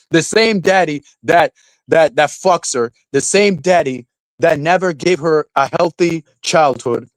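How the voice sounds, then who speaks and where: A young man rants on his live stream, swearing and breaking into a high mocking falsetto to jeer. His voice sits a little high for a man, and it is recorded close and dry with no room sound. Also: no room sound, low-quality recording. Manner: ranting, profane, mocking, falsetto mimicry of quotes. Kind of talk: casual live-stream rant.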